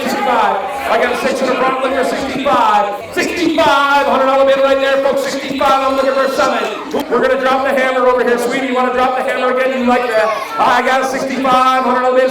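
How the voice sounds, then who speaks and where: A very high-pitched man runs a charity auction, firing off bids in a rapid hype chant. His voice booms through an echoey sound system heard from a distance. A loud crowd surrounds him the whole time. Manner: hype-driven, rattling off bids. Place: outdoor charity event crowd.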